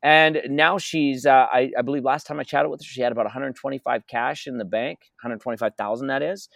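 A man's voice: medium pitch, fairly even intonation, a little fast, gravelly, fairly bright tone, dry recording. A man being interviewed as a wealth coach, telling stories with emphasis and repeating his key phrases. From North America. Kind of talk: energetic interview talk.

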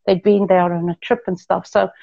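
A woman from Portugal telling her life story in a casual, animated way, often correcting herself mid-sentence and throwing asides to the listeners. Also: fairly low pitch, normal speed, gravelly, lo-fi sound.

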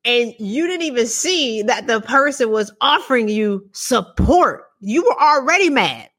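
A woman hosting a podcast interview, laughing often and acting out animated retellings. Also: a little high, unhurried. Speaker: podcast host. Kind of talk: casual interview chat.

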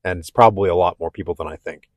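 A man talking candidly and haltingly about his own struggles, with many restarts. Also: sits low, dry recording, studio quality. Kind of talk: personal reflective talk.

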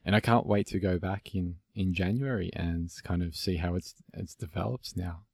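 A man from Australia hosting a casual podcast conversation, relaxed and reflective, with many fillers and restarts. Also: sits low, normal speed, vocal fry, no echo, studio quality. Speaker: podcast host.

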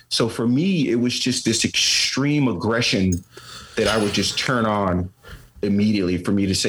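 A man's voice: on the low side, normal speed, husky, low-quality recording. A man bluntly telling his own story in a casual, profane conversation, with a wry edge. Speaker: service member sharing experience.

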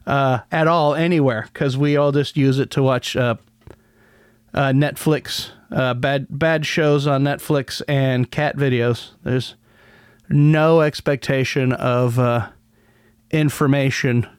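Male podcast host, sardonic and rambling, smooth resonant tone. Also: medium pitch, fairly even intonation, a little slow, no room sound, studio quality. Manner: rambling, many restarts, sardonic. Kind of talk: casual solo commentary.

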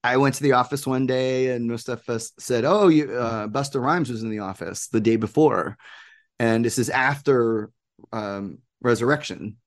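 An enthusiastic man telling stories in an interview. His voice sits at an ordinary pitch, and he brings other people to life by acting out what they said. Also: moderate pace. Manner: animated, enthusiastic, acts out quoted people. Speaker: guest, producer and game maker. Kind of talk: casual interview storytelling.

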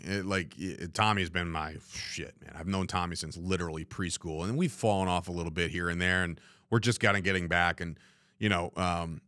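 Low-voiced candid New man podcasting. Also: bright, forceful tone, no echo, studio quality. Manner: candid and rambling, swearing, frequent "you know what I mean". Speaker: podcast host. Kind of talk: reflective solo podcast monologue. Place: studio room, alone.

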